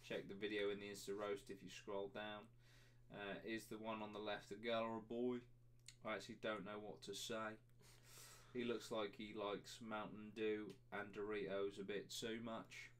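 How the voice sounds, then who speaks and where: A man's voice: fairly low pitch, flat delivery, normal speed. Sweary young man hosting a podcast. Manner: crude, sweary, jokey, laughs often. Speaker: podcast host. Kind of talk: casual podcast banter reading chat comments.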